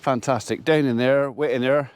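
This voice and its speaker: A man's voice: mid-range voice, steady tone, moderate pace, clean tone, dry recording. A man, a farmer, chatting casually to camera as he tells a rambling story about his day. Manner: chatty, rambling anecdote with quoted dialogue. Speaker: farmer vlogger.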